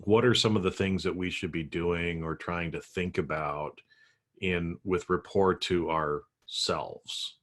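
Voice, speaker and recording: A man with a low voice and a bright, forceful tone hosts a podcast in casual chat. He rambles through his questions and laughs easily. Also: fairly even intonation, slow pace. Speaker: podcast host.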